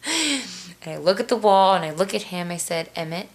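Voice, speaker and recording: Mom vlogging a story, kinda low voice, lively, goes stern and slow when scolding. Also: female voice. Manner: animated, acts out quoted voices with big pitch jumps. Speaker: mother telling a parenting story. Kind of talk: casual storytelling vlog.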